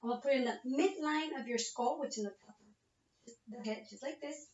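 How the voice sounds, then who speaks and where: High-voiced woman narrating an exam. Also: fairly quick, a little mellow. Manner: explains each step to the patient, checks in with frequent "okay?". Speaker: nursing student doing a practice exam. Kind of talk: narrated physical exam demonstration. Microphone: laptop webcam. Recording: roomy, distant, muffled webcam audio.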